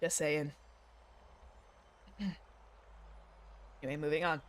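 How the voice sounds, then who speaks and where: A young woman VTuber streams a game and comments live, rambling and often correcting herself. Her voice is deep and level, and she speaks slowly.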